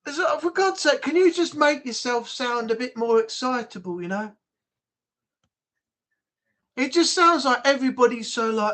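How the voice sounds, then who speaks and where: A man's voice: very high-pitched, lively intonation, normal speed, pauses often, fairly bright tone. A man from the United Kingdom hosting a casual livestream chat, rambling and blunt. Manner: rambling, chatty, blunt, with frequent restarts. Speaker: livestream host. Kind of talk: casual live chat reading comments.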